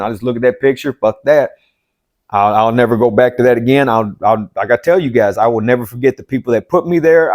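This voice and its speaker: A man's voice: medium pitch, darkish tone. A man, a life coach, gives a motivational self-help talk, blunt and profane and driving each point home by repeating it.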